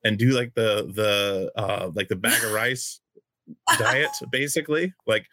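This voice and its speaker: A man hosting a podcast over a video call, telling loose, self-mocking stories in a relaxed way. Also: lowish voice, a little slow, a little hiss or hum. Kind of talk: casual chat.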